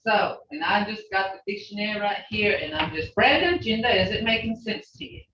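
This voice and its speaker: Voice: medium pitch, animated, brisk, sharp tone, a little hiss or hum. A language teacher leading an online class, encouraging and patient, often saying "okay" and "you know" and laughing. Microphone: video call. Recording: echoey lo-fi video call audio from far off the mic.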